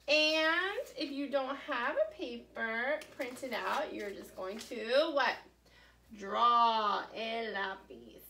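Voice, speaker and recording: A woman teaching a Spanish class to children on video, saying each word slowly and carefully and cheering the class on. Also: high voice, creaky, bright, forceful tone. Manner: slow, careful modeling of Spanish words; cheerful, encouraging teacher talk. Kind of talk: recorded online class for children.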